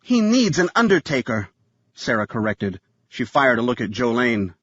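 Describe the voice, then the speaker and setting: A man's voice: mid-range voice, fairly even intonation, moderate pace, a bit bright, slightly rough, dry recording, lo-fi sound. A man voicing a cold, curt mother.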